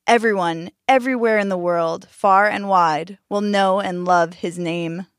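A solemn male forest king from a storybook pleads softly for help, as a woman reads him out. The voice sits at a middling pitch, and the sound is dry and close with no room echo. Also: measured pace, close to an everyday voice. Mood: proud.

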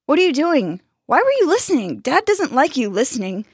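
A woman's voice: mid-range voice, lively intonation, a little slow, no echo, clean studio sound. A woman voicing a young boy who protects his little sister, speaking urgently.

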